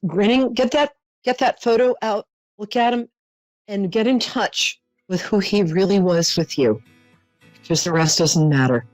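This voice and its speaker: A woman's voice: mid-range voice, darkish tone, dry recording, rough recording. Middle-aged woman, psychic call-in host, earnest and comforting, dry close studio sound. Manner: earnest, reassuring, emotional, endearments.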